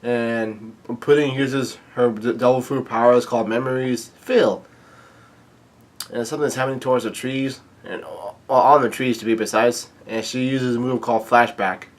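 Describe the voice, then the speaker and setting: A man's voice: mid-range voice, fairly even intonation, normal speed. Man casually reading out a comic. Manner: hesitant, many ums and restarts. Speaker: manga reader-reviewer. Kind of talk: casual read-aloud recap.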